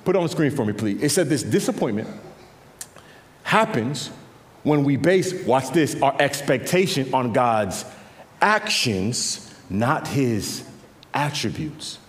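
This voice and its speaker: A man preaching a sermon as pastor, swinging between quiet intimate passages and louder emphatic lines, often repeating words as he builds a point. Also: medium pitch, unhurried. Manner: animated preaching, drops to quiet intimate tones and rises for emphasis. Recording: long reverb of a large hall.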